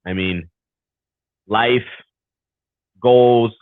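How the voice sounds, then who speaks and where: A man with a medium-pitched, smooth voice, fairly even intonation, and drawn-out words co-hosts a live racing talk show. Chatting casually on a video call, he rambles through thanks and sign-offs. The call audio sounds tinny and phone-like but has no echo.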